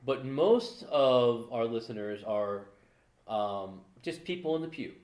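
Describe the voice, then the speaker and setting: A man's voice: mid-range voice, lively intonation, takes it slowly, darkish tone. Chatty man in an echoey room. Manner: joking, chatty, many restarts. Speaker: podcast co-host. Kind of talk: casual chat.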